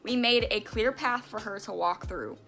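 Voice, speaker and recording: A woman's voice: a little high, moderate pace, a bit bright. A young woman vlogger animatedly retelling a personal story, with emphatic, casual swearing. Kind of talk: storytime vlog.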